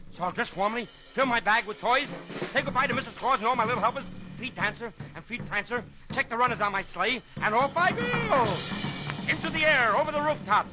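An actor playing a jolly old Santa Claus who laughs heartily and narrates his Christmas Eve journey on a vintage children's record. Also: very high voice. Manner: hearty ho-ho laughter, animal and train noises.

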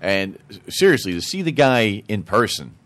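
A man, a guest in a casual chat, telling a loose, halting story. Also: fairly low pitch, big pitch swings, a bit bright.

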